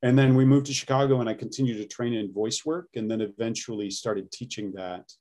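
A man's voice: mid-range voice, fairly even intonation, a little fast, a little mellow. A middle-aged man coaching accents in a casual interview. He explains patiently and slips into short demonstrations as he goes.

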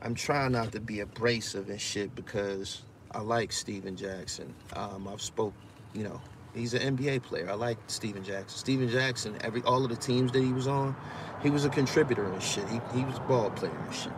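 A Brooklyn man hosts a casual live stream, reading viewer comments aloud and offering his opinions in loose, profane talk. His voice is fairly low and a little fast, with background noise in the recording.

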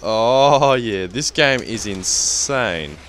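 A young Australian man commenting live on a game he is playing, excitable and swearing often. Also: lowish voice, very slow, a little hiss or hum. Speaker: gaming commentator.

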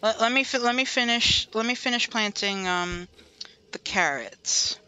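A woman's voice: fairly high pitch, a little slow, sharp tone, smooth. A woman chatting casually through a gameplay livestream, talking to herself and to chat and laughing often. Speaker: streamer. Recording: light music behind the voice.

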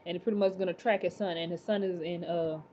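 A woman casually recapping a TV episode, rambling with many fillers and excited exclamations. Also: fairly low pitch, quick pace, muffled recording, slight background noise. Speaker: TV episode reviewer.

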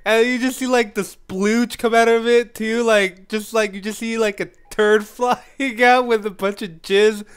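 A man with a cold talks in a fairly high, smooth and clear voice, his nose stuffed up and a cough breaking through now and then. He tells his story in a loose, rambling way as a casual commentator. He keeps dissolving into giggles between words. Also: steady tone, unhurried, hardly any pauses. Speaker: YouTube gaming commentator.

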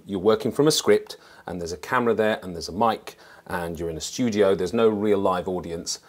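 Husky low-voiced man coaching presenters. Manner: conversational, thinking aloud with fillers and asides. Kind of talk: teaching to camera.

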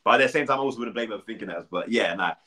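A man's voice: fairly low pitch, rapid-fire, bright, forceful tone. A young man, a reality show guest talking casually in an interview, rambling and self-deprecating with lots of fillers. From United Kingdom.

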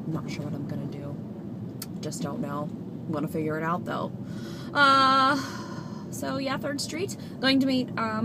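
A young woman in her twenties, a vlogger chatting casually and rambling with giggles while she drives. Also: fairly low pitch. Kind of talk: casual vlog chat while driving. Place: inside a car. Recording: road and engine noise.

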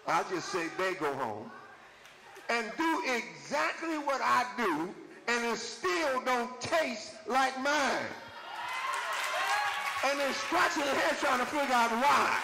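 A man preaching a live sermon as bishop, building into shouted, repetitive preaching cadences with the congregation answering. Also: high voice, big-room sound. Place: church sanctuary with congregation. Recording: noisy live church recording.

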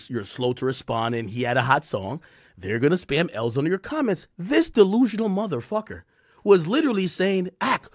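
A man giving a profane, mocking ranting commentary, animated throughout. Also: medium pitch, no room sound, clean studio sound. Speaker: online commentator.

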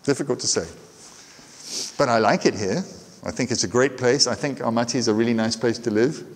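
A man's voice: medium pitch, brisk, long reverb tail. A man with a southern English accent giving a chatty lecture and often asking "yeah?" after his sentences. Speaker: guest lecturer. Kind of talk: lecture with audience questions.

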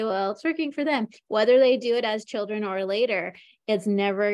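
A woman's voice: mid-range voice, no echo. A woman hosting an online interview, enthusiastic and full of thanks for her guests. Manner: warm, effusive, enthusiastic. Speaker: host and tapping school teacher. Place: video call.

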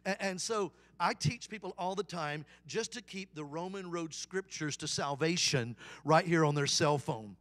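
A man with a notably high voice preaching an animated sermon. He calls out to the congregation for answers and keeps the room involved. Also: moderate pace, few pauses. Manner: animated call-and-response preaching. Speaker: guest evangelist. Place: church service.

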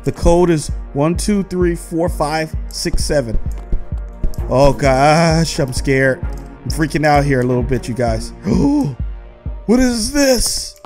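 High-voiced jumpy man narrating a game. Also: expressive, slow pace, faint music behind. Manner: jumpy, talks to viewers, yelps and shouts when chased. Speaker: gaming host. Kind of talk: excited gameplay commentary.

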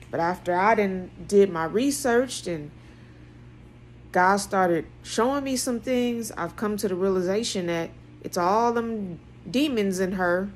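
A vlogger with a mid-range voice delivers an emphatic, preaching monologue, repeating phrases for weight and swinging between hushed and loud tones. A faint hiss runs under her voice.

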